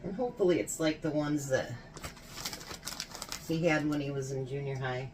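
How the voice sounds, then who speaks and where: A woman in her fifties talks her way through baking in a home kitchen, swapping family stories and laughing often. Her voice sits low and easy, and a faint hum runs under the recording. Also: normal speed. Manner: chatty storytelling, laughs often. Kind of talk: casual chat while baking.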